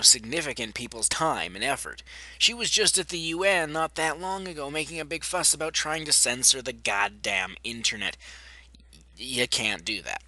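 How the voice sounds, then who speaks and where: In his vlog, a young man rants bluntly and profanely at the camera, sarcastically mocking the people he disagrees with. Expect a fairly high, bright, forceful voice in a dry recording.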